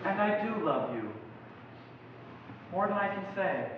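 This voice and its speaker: A man's voice: high voice, expressive, measured pace, heavy background noise. An actor playing an earnest young groom who pleads with his bride theatrically. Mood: pleading. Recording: distant, dull stage recording in hall.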